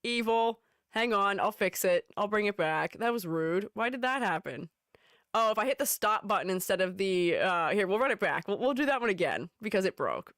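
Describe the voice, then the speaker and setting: A woman's voice: mid-range voice, sing-song, normal speed, fairly bright tone, dry recording, studio quality. A woman streamer chatting playfully, laughing often between her comments. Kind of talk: casual live-stream chat.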